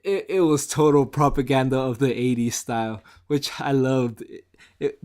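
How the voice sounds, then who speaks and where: An excitable man talks through a casual review in a chatty, offhand way. His voice sits at an ordinary middle pitch, and he often breaks into laughter. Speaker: show reviewer.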